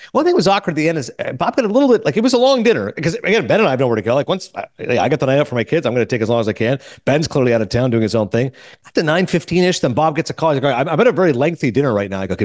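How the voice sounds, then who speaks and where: A middle-aged man hosting a podcast, telling a story in casual chat and quoting people in quick back-and-forth. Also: mid-range voice, no room sound, clean studio sound. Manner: animated, quotes others in quick back-and-forth. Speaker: podcast host.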